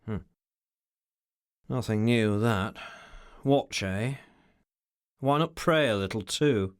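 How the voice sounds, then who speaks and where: A man voicing an idle, menacing gentleman villain who mutters and speaks with dry sarcasm. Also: on the low side, slow, smooth, dry recording. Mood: languid.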